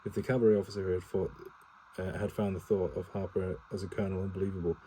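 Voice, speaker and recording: Guy reading a book out loud at home, deep mellow voice, trips over words and fixes them, swears under his breath. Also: little pitch movement, fast talker, slight background noise, low-quality recording. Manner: stumbling, self-correcting reading with swearing asides, no character voices. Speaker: reader reading a novel aloud to his partner. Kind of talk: casual read-aloud of a novel.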